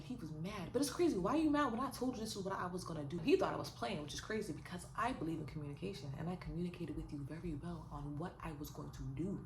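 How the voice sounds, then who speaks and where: Young woman vlogger, animated and sassy, chatty storytelling, roomy sound. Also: fairly low pitch. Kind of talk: casual storytime vlog. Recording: roomy echo with faint noise.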